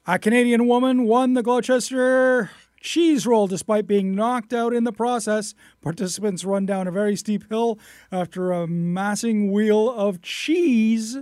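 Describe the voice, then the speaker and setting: A man co-hosting a radio show, reading short offbeat news items in a brisk newsreader manner. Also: sits high, darkish tone, dry recording, studio quality.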